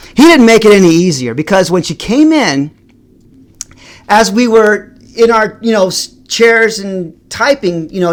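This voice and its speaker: A middle-aged man tells a personal story to his vlog audience. He speaks in halting stretches, repeats words, and his voice rises and falls in pitch and loudness. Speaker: vlogger.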